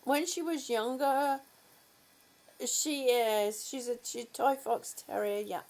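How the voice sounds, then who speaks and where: A woman's voice: fairly high pitch, slow, vocal fry, darkish tone. A woman vlogger in a casual morning chat, affectionately greeting viewers and fussing over her dog.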